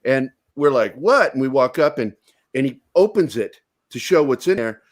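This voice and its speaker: A man spinning a crude story on a podcast, swearing freely and acting out every voice. His pitch sits in the middle but swings about widely as he gets into it. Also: moderate pace. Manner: profane, animated storyteller. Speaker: podcast co-host. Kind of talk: casual storytelling chat.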